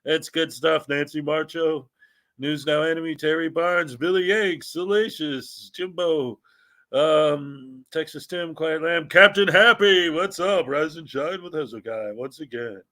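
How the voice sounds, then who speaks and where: A man hosting a casual livestream, greeting viewers by name in a lively, upbeat way. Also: fairly high pitch, a little slow. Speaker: livestream host.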